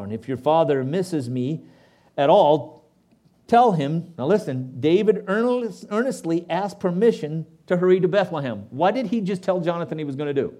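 A man preaching in church, reading a long passage aloud and stepping out of it to comment directly to his listeners. His voice sits a little high and moves widely up and down as he goes. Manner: animated, asides to the congregation. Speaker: pastor. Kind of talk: sermon with scripture reading.

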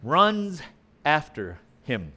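A man's voice: a little high, wildly swooping pitch, extremely slow, pushed and bright. A male preacher giving a sermon in a conversational way, putting questions to the congregation.

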